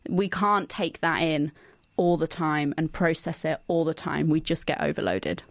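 A woman's voice: low-pitched, normal speed, vocal fry, no echo, clean studio sound. A young woman co-hosting a student radio show, explaining her studies in a chatty way and laughing easily. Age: young adult. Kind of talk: casual radio chat. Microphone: studio microphone.

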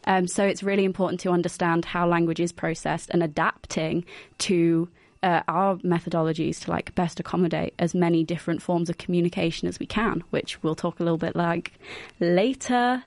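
Young woman, lowish voice, chatty radio host, lots of "like". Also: fairly even intonation, a little fast, a little mellow, dry recording. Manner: chatty, laughs often, uses "like" a lot. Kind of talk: casual radio chat.

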